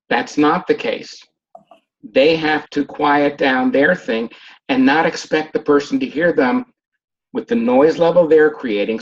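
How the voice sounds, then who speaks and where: A man who works with hearing-aid patients gives an informal lecture and acts out patients and their families as he talks. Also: medium pitch. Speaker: hearing specialist teaching a class. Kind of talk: informal lecture with acted examples. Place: online video session. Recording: dull muffled video-call audio.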